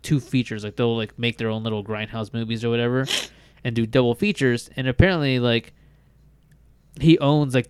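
A man's voice: mid-range voice, clear, resonant tone, no room sound. A man co-hosting a casual podcast chat, talking enthusiastically and rambling with lots of "like". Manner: enthusiastic, rambling, heavy use of "like". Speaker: podcast co-host.

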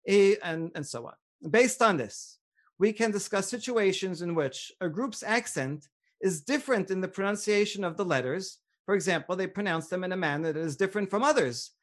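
High-voiced rabbi teaching Jewish law. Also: male voice, fairly bright tone. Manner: reads Hebrew source texts aloud and translates them; measured and explanatory, with frequent uh fillers. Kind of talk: lecture reading and explaining sources.

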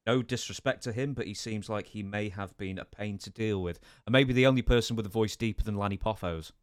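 A man's voice: lowish voice, a little fast, clean tone, no room sound, clean studio sound. A man hosting a podcast, reading listener questions with hesitant fillers. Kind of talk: casual interview chat.

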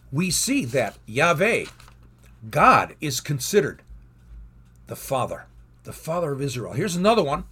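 A man's voice: fairly high pitch, a bit bright, breathy edge. A man teaching from the Bible in an earnest sermon, reading verses aloud with rising emphasis.

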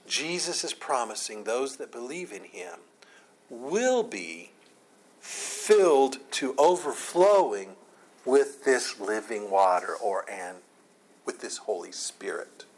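A man teaches scripture in a relaxed, conversational way. He is earnest and often restarts sentences, repeating a word before going on. His voice sits at an everyday middle pitch. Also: low-quality recording. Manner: reads scripture aloud. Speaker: Bible teacher. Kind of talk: conversational Bible study.

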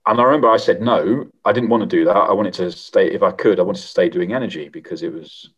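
A middle-aged man, a former member of parliament, answering interview questions in a measured, reflective way with frequent pauses and restarts. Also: low voice, breathy edge, dull audio. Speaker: former MP, guest.

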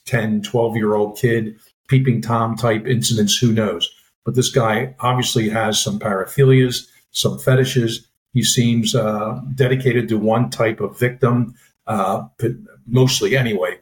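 A man with a fairly low voice talks through a case on a podcast, stopping and restarting often with lots of filler words. He has the relaxed, explanatory manner of a former agent sharing his view. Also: poor audio. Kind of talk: casual podcast discussion.

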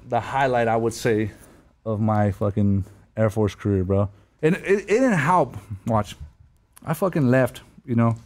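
A man in his thirties tells stories in a loose, slangy way, swearing constantly and breaking into laughs. His voice sits at an ordinary middle pitch. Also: darkish tone. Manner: slangy, profane, storytelling with laughs. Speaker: guest telling war stories. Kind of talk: casual podcast chat.

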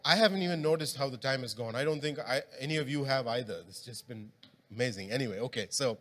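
Speaking fast with a fairly bright tone at medium pitch, this man delivers a sermon in a church hall. His manner is conversational as he puts questions to the congregation, and the room carries a long hall reverb.

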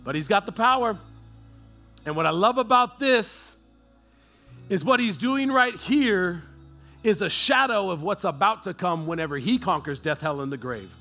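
A pastor preaches a sermon in a high, bright, ringing voice over faint music. Animated and at a moderate pace, he speaks in an easy, slangy style, swelling from hushed storytelling into loud, fervent preaching.

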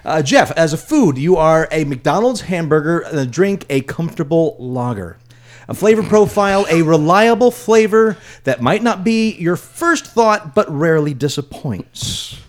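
A man co-hosting a casual group podcast, reading a listener's email aloud in a dry, measured way. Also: a little high, lively intonation.

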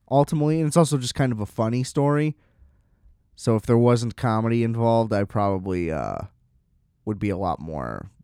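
Man, casual storytelling, rambling, self-deprecating, smooth resonant voice, dry close sound. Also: mid-range voice, darkish tone, no echo.

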